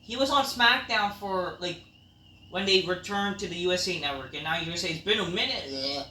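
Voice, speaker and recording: A man rants his way through a wrestling review, rambling and swearing. His voice has a bright, sharp edge and flares into loud outbursts. It sounds distant from the mic in an echoey room. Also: high-pitched, a little fast, slight background noise. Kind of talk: casual ranting review.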